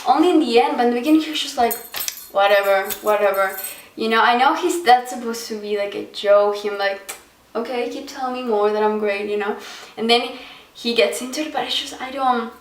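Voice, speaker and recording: Chatty woman reviewing in an echoey room. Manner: chatty, animated, acts out quotes in high voices. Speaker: film reviewer. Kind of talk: casual vlog review. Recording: echoey room, distant mic, faint noise.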